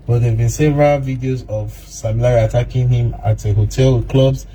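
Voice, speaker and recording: Man with a dark, mellow voice. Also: mid-range voice, fairly even intonation, fairly quick, a little hiss or hum, low-quality recording.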